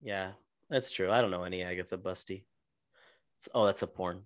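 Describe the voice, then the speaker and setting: A man's voice: sits low, brisk, no echo, studio quality. A man co-hosting a casual podcast, talking in a laid-back, rambling way with fillers and swearing. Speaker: podcast co-host. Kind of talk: casual chat.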